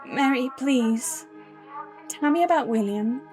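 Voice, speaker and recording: A woman's voice: high-pitched, slow pace, a little mellow. A woman voicing a distraught grieving mother who pleads and insists, over faint music in a game. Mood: pleading.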